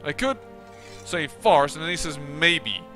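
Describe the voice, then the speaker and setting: A man's voice: fairly high pitch, very animated, unhurried, pushed and bright, soft background music. A man giving casual, musing commentary on a strategy game, with occasional exasperated outbursts. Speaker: let's play commentator.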